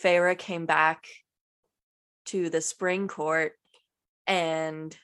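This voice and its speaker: A woman's voice: sits low, flat delivery, a bit bright, clear, resonant tone. A woman co-hosting a book podcast, chatting casually with lots of "like" and easy laughter. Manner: chatty, peppered with "like", quick to laugh. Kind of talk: casual chat.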